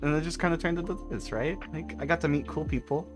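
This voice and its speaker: A man's voice: a little high, fast talker, over music. A man streaming from a parked car, chatting casually with viewers, giggling often and rambling. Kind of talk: casual live-stream chat.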